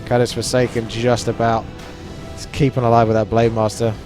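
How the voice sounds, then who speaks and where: A man's voice: mid-range voice, monotone, moderate pace, a little mellow, faint music behind. Chatty male game caster. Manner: chatty, analytical play-by-play. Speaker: esports caster. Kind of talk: live game commentary.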